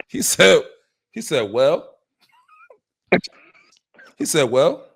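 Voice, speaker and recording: Man telling a lively story. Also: a little high, unhurried, creaky, long pauses, husky. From West Philadelphia. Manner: acts out quoted dialogue with shifting voices. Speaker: podcast host. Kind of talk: animated storytelling.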